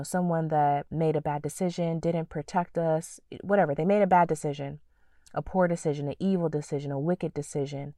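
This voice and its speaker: A woman hosting a faith-based podcast, teaching in an earnest, preacherly way and dropping into soft whispers for her prayers. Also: low voice, dry recording, studio quality, recorded from a distance. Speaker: podcast host.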